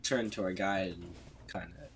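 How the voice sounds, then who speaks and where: A man's voice: deep voice, normal speed, a little hiss or hum. A man playing in a tabletop game, describing his actions hesitantly. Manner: hesitant, brief replies. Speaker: player.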